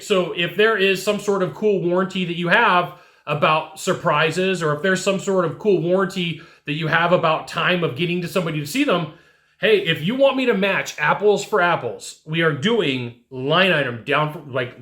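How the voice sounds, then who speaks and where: A man with a high, forceful voice coaches his listeners with animated, direct talk, often tossing in "right?" to check they follow. His voice rings in a roomy, echoey space. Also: moderate pace. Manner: animated, talks straight to the listener, keeps asking "right?". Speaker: sales coach. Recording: echoey room.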